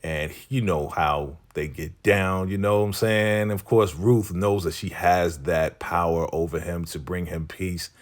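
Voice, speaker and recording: A man's voice: low-pitched, steady tone, measured pace, few pauses. A man hosting a casual, chatty episode recap, amused and talking straight to his viewers.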